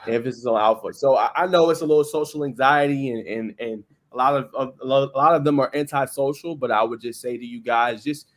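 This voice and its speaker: Male podcast host, mid-pitched voice, playful and conversational, casual chat. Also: a little fast, hardly any pauses. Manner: playful, conversational, peppered with "you know what I'm saying".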